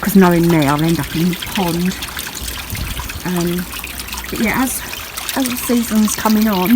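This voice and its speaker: A woman's voice: mid-range voice, moderate pace, background noise. A woman chatting casually to the camera in a video diary while gardening outdoors. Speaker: vlogger.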